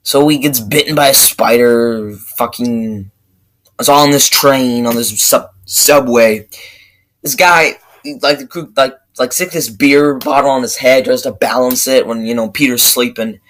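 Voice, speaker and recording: A young man giving a casual movie review, rambling and excitable, swearing constantly and restarting his sentences. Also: mid-range voice, a little slow, poor audio. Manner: profane, excitable, rambling with many fillers and restarts.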